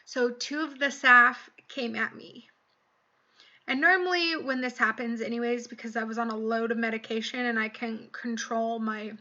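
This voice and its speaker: A woman's voice: fairly high pitch, sharp tone. A young woman vlogger earnestly telling a personal story to the camera, acting out the quoted voices along the way. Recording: dull lo-fi recording.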